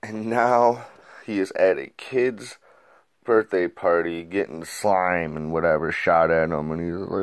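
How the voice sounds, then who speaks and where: A man's voice: deep voice, slow pace, clear, resonant tone. A man reviewing a movie in a casual, crude play-by-play recap. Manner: loose, crude, retells scenes in a play-by-play.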